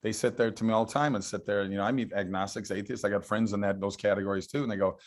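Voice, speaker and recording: Middle-aged male guest, low voice, enthusiastic storyteller, casual interview. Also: fast talker, few pauses. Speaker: guest actor.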